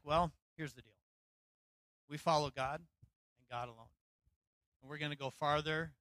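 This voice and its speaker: Animated storytelling man pastor, bright voice. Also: fairly high pitch, dry recording, rough recording. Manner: storytelling, animated, acts out quotes. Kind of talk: sermon.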